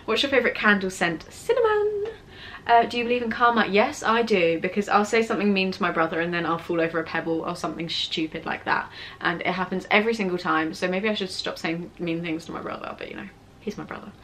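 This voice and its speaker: Young British woman, late teens, casual vlogger answering questions; chatty, self-mocking, mid-pitched voice. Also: fast talker, a bit bright, a little hiss or hum. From England. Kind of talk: casual Q&A chat. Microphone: camera on tripod with ring light.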